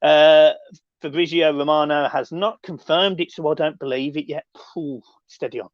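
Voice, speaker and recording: A man hosting a casual live stream, reading and answering chat with sweary, excitable banter. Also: a little high, normal speed, no room sound. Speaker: livestream host reading chat. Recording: dull lo-fi dry sound.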